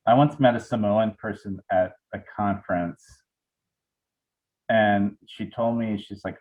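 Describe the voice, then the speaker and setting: A man's voice: on the low side, steady tone, measured pace. A man hosting a casual interview, asking rambling, hesitant questions. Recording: dull lo-fi audio.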